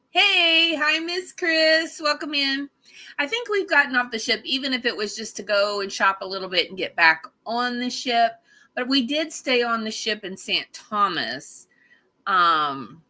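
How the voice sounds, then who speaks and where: A woman's voice: a little high, pushed and bright. A woman hosting a casual livestream, chatting bubbly with viewers and reading their comments. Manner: bubbly, chatty, laughs often. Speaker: livestream host.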